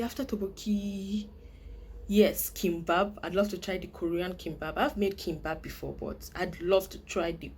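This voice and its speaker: A woman's voice: fairly low pitch, darkish tone, a little hiss or hum. A young woman from Nigeria, chatting playfully to camera and laughing often. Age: young adult. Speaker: vlogger. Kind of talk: casual chat to camera.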